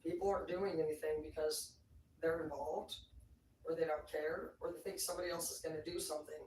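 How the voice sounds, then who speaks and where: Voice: medium pitch, steady tone, brisk, a little mellow. Profane rambling livestreamer in an echoey room. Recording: roomy echo, distant from the mic, faint noise.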